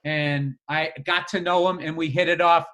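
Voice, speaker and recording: Man, high voice, bright and sharp tone, casual comedy podcast chat, heavy swearing. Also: moderate pace. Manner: profane, animated storyteller. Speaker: podcast co-host.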